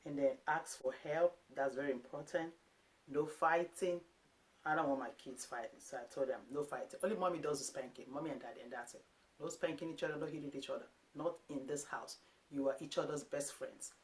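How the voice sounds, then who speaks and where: A woman in her thirties from Africa, a parenting vlogger talking casually to camera, lively and quick to act out little quotes. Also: deep voice. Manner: animated, acts out quotes of herself and her sons.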